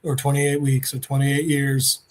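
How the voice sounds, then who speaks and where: Man, podcast host, casual chat, animated storyteller, mid-pitched voice. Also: a little slow. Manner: animated storytelling, acts out quotes.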